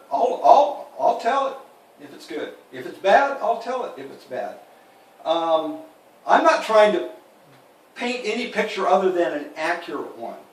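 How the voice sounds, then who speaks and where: A man in his fifties giving an earnest, candid network marketing training talk and addressing listeners as guys. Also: high-pitched. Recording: echoey room, mic at a distance.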